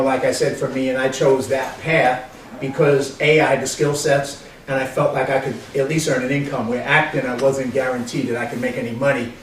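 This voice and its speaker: A man's voice: mid-range voice, a little hiss or hum. Bronx-accented man speaking in an echoey room. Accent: New York (Bronx). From the Bronx, New York. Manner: rambling, folksy, many fillers and restarts. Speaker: film producer leading a workshop. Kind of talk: informal workshop talk. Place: large room with a live audience. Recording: echoey room, mic from far off.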